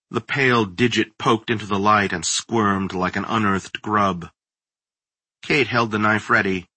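A man reading a horror story aloud in a slow, deliberate, suspenseful manner. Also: fairly low pitch, bright, forceful tone, slightly rough, no echo. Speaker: narrator. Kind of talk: scripted horror story narration.

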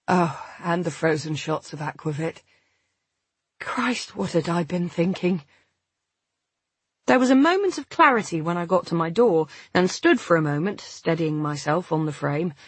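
Slow, husky woman reading a novel. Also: on the low side, no echo. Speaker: audiobook narrator. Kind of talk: first-person novel narration with voiced dialogue.

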